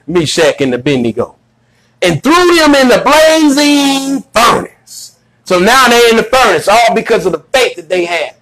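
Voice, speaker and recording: A man preaching a sermon, shouting for emphasis and retelling scripture in casual slang. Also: high voice, rough recording. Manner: animated, shouting emphasis, drawn-out phrases.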